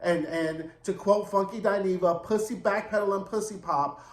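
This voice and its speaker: A man's voice: high-pitched, steady tone, normal speed, reverberant. A man casually recapping and reviewing a TV episode, chatty and slangy, often asking "right?". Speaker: TV review host.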